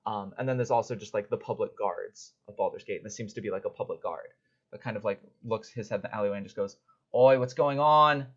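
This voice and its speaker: A man's voice: fairly low pitch, fairly even intonation, fast, a little mellow, breathy edge. A man narrating a tabletop game as game master, casual and rambling with many fillers. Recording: dull lo-fi audio.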